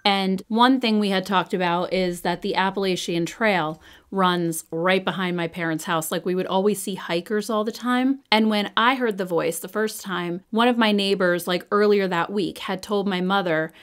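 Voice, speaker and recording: A woman's voice: medium pitch, normal speed, few pauses, smooth. Chatty woman telling a true ghost story. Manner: chatty, animated, lots of "like" fillers. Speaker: storyteller host. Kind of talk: get-ready-with-me story chat.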